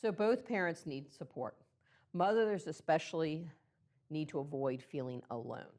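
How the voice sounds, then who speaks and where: A woman with a low voice gives an earnest, personal talk to a room of clergy. She pauses often with soft ums as she speaks. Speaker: presenter. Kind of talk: talk to clergy about baby loss. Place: meeting room.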